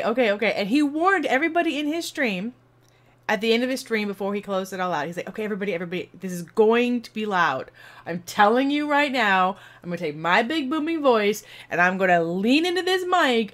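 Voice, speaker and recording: A woman streamer telling a rambling, animated story to her viewers, acting out the voices as she goes. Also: fairly high pitch. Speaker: streamer and video host.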